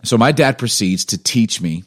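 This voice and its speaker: A man with a very low voice, telling a story on a podcast with lively, self-mocking humor. He laughs often and talks in a loose, casual way. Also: normal speed. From Chicago.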